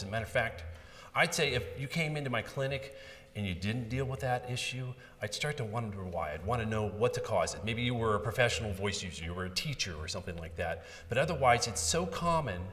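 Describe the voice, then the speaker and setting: A man's voice: mid-range voice, fairly bright tone. Man lecturing in a reverberant hall. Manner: explanatory, clinical, conversational. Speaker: speech language pathologist. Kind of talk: conference lecture. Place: conference hall.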